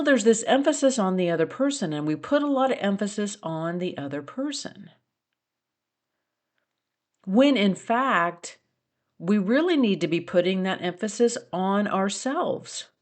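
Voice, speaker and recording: A woman's voice: mid-range voice, big pitch swings, measured pace. A middle-aged woman hosting a solo podcast, talking earnestly and challenging listeners with pointed questions. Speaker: podcast host. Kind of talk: reflective solo podcast talk.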